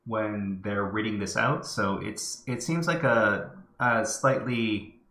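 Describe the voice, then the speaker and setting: Hesitant male tutorial host with a bright, forceful tone. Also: on the low side, slow, echoey room. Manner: thinking aloud, hesitant. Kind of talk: screen-recorded tech tutorial.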